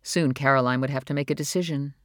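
A narrator reading a novel in a calm, measured storytelling manner. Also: medium pitch, no echo, clean studio sound. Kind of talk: audiobook narration.

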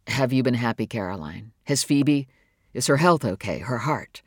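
Narrator playing a rough-voiced grieving man, deep drop, subdued, heavy, dry sound. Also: animated, normal speed, no echo, close to an everyday voice. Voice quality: rough, low.

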